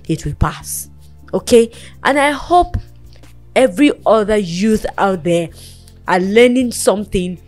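A woman's voice: mid-range voice, animated, measured pace, pauses often, darkish tone, faint music behind. A woman hosting a talk show, earnestly counselling and encouraging a guest in a motherly, preaching way.

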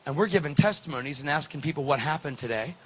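A man preaching, telling a story with lively, preacherly delivery and acted-out dialogue. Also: a little high, fast, husky. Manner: animated, preacherly, acts out dialogue. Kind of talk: sermon storytelling.

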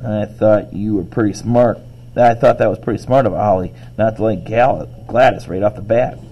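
A man's voice: lowish voice, moderate pace, dull audio, close to an everyday voice. Man doing a cocky, scrappy boy. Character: scrappy know-it-all boy.

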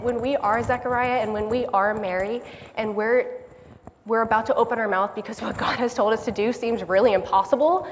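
A woman giving a sermon in a church hall, earnest and quick to laugh at herself. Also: a little high, slight background noise. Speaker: lay speaker giving a church message. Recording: long hall reverb, faint background ambience.

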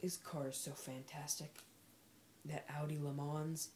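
A woman's voice: deep voice, little pitch movement, unhurried, background noise. A woman giving casual, sarcastic commentary while playing a racing game, talking back at the game's characters. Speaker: gameplay commentator.

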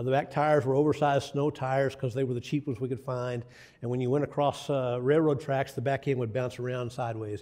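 A man's voice: mid-range voice, darkish tone. An older man preaching a sermon, telling folksy stories with asides to the congregation. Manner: folksy storytelling with asides to the audience.

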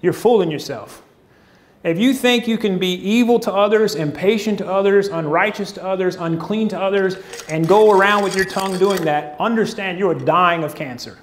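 A man's voice: sits high, normal speed. A man preaching a conversational sermon, acting out quoted voices as he goes.

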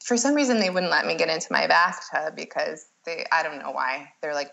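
A woman who works as a doula tells her own birth story in a casual, lively way, often saying "like" and acting out what she said at the time. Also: sits low, fairly quick, gravelly, rough recording. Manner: lively, acts out her own past lines, frequent "like".

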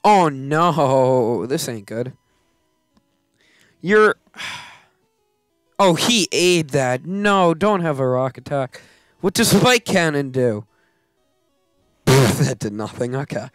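A man's voice: mid-range voice, animated, very slow, pauses often, no room sound, studio quality, soft background music. A man hosting a game let's play, giving casual commentary that turns into melodramatic grumbling and self-mocking rants.

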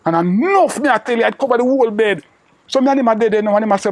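An older man speaking Jamaican patois gives an interviewer a long, wandering account of an old friend, repetitive and full of "you know." He has a high voice and races along, with no room sound in the audio.

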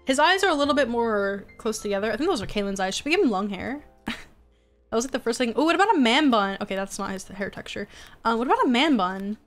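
A young woman streaming a life-sim game, chatting casually and sounding exasperated as she pleads with her characters. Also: mid-range voice.

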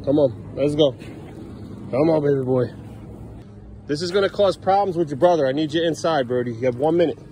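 A man's voice: a little high, normal speed, pauses often, mellow, a little hiss or hum. Exasperated dad scolding his kids. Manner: exasperated, scolding, repeating commands. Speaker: father filming his kids. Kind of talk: casual home vlog. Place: family home, indoors and yard.

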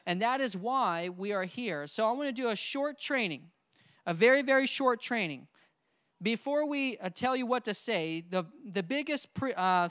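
A young adult man leading a church training seminar, coaching his audience with lively call-and-response. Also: sits high, clean tone, dry recording, studio quality. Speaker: seminar presenter.

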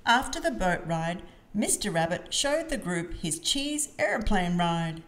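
A woman reading a picture book aloud to children, with gentle, expressive narration. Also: fairly low pitch, a little slow. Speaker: storybook reader.

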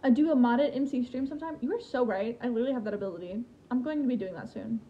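A woman's voice: on the high side, quick pace. Chatty young woman streaming a game. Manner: chatty, reads and answers chat while playing. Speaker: livestreamer. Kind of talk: casual gaming livestream chat. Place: home in a rural area. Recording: lo-fi stream audio, faint background hiss.

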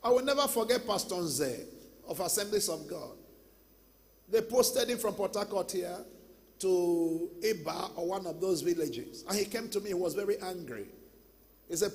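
A man with a Nigerian accent preaching a sermon as pastor, telling stories and breaking into shouts. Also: high-pitched, animated, normal speed, slight background noise. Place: large church hall. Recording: long church hall reverb.

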